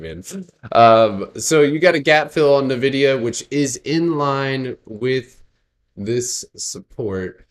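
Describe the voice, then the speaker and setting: A man hosting a casual stock trading livestream, reading charts and joking with his chat. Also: medium pitch. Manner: laid-back, joking with chat, laughs often.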